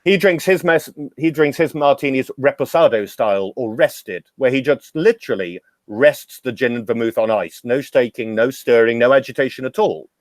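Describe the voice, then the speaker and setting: A middle-aged man, a drinks educator guesting on a podcast, telling long anecdotes with wry humor in a relaxed conversational way. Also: mid-range voice, normal speed, few pauses, dry recording. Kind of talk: casual storytelling interview.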